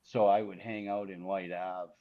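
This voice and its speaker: Low-voiced man on a dull line. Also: level tone, moderate pace. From Edmonton, Canada. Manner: short reactions, loose asides. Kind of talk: casual chat.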